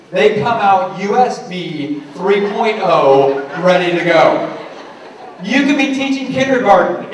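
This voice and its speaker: A middle-aged education speaker gives a motivational talk to teachers, animatedly telling stories and acting out the voices. His voice is high-pitched, with a little hiss or hum, recorded from a distance in an echoey room.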